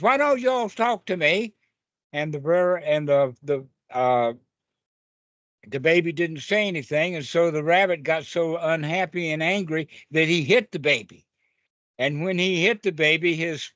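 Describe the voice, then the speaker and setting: A man's voice: a little high, fairly bright tone, dry recording, lo-fi sound. A man giving an informal Dharma talk over a video call, telling stories in a rambling, folksy way with lots of fillers. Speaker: meditation teacher.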